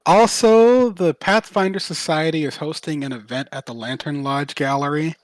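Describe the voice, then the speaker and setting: A man's voice: on the high side, normal speed, no room sound. Male game master, casual and profane, close dry sound. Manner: casual, swears freely, laughs easily. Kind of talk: running a tabletop game online.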